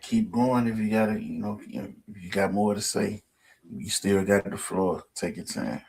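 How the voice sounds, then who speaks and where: A man hosting a group call. He speaks in a relaxed, encouraging way, loose with fillers. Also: on the low side, normal speed, vocal fry. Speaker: host.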